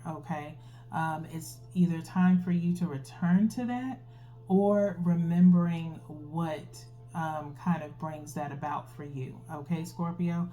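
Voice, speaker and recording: This woman's voice sits low with a dark tone as she gives a casual tarot reading. She's chatty and explanatory, often ending sentences with a questioning "okay?" while faint instrumental music plays behind her.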